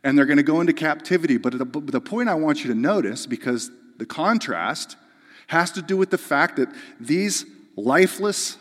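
Fervent preacher in a reverberant hall. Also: male voice, on the high side, animated, normal speed. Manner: emphatic, builds to fervent peaks then drops to soft earnest tones. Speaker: pastor. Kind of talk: sermon.

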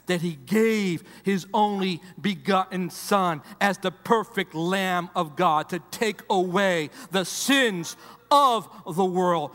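Male pastor, high voice, preaching in a church hall with a long echo. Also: slow pace. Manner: preaching with repetitions, swings from loud emphasis to hushed. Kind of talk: sermon. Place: church sanctuary.

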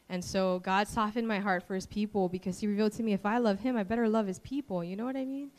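A woman from Hawaii giving a personal faith testimony, telling her story in a lively way and acting out the voices she quotes. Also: mid-range voice, fast talker, hardly any pauses.

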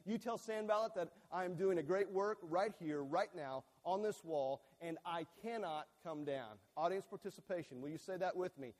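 A man's voice: sits high, normal speed, hardly any pauses, a little mellow, in a large hall. A male pastor preaching a sermon to a congregation, earnest and emphatic, who repeats key phrases and trips over and restarts his words. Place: church sanctuary with a screen behind him.

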